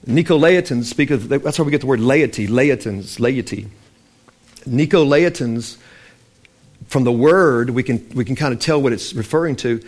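A man's voice: medium pitch, expressive, normal speed. A man preaching a sermon in a loose, conversational way, acting out the voices of Bible figures as he tells the stories. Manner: loose and conversational, with restarts and fillers.

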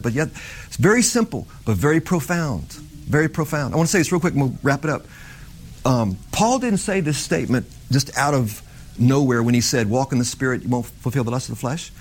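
A man's voice: a little high, a little mellow, slight background noise. A middle-aged man preaching an informal sermon in a conversational way that builds to fervent emphasis.

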